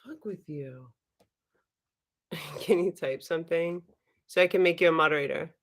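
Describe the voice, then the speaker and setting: A woman's voice: fairly low pitch, steady tone, brisk, slight background noise. Chatty, giggly woman hosting a livestream. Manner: chatty, giggly, swears freely, addresses viewers directly. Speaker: livestream host. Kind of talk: casual livestream chat.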